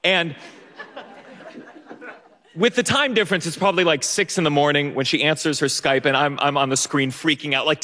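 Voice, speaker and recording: A man's voice: a little high, moderate pace, pauses often, bright, forceful tone, big-room sound. A young man telling a funny personal story on stage, stammering through restarts and laughing at himself. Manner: stammering restarts, self-mocking, often laughing. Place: theater stage.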